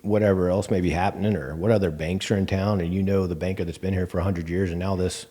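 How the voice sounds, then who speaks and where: A man's voice: low-pitched, quick pace. A man with a Texan accent, a bank CEO guest telling stories in a casual interview and acting out the dialogue with plenty of fillers. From Texas Panhandle. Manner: animated, acts out quoted dialogue with many fillers.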